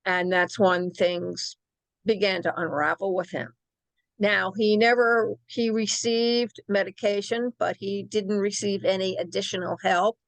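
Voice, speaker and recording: An older woman recounts her caregiving years in a plain, wry manner. Her voice has a gravelly edge. The sound is dry, with no room around it. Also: medium pitch, steady tone, measured pace, no echo. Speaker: guest caregiver. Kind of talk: personal story on a talk show.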